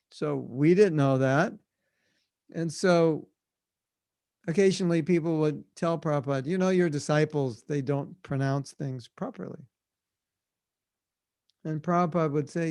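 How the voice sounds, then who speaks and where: An American man teaching at a devotional seminar, his voice a little high for a man with a gravelly edge. He keeps the talk animated, slipping into small acted-out voices and laughing often. The sound is dry and close, as on a video call. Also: measured pace, no echo. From United States. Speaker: spiritual teacher.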